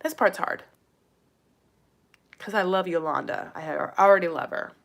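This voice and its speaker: Speaking at a measured pace, this recap vlogger has a fairly low, slightly bright voice. She gossips casually about a reality show, sprinkles in "like" fillers and playful side comments, and talks straight to viewers as "you guys" and "honey."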